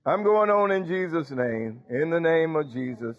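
High-voiced preacher. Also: male voice, expressive, normal speed, lo-fi sound. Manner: call-and-response preaching, breaking into sung lines. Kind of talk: sermon.

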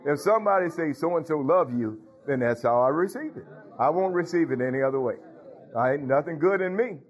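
A man's voice: fairly high pitch, expressive, brisk. A man preaching as a pastor, calling out to his congregation with frequent hallelujahs. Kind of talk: sermon.

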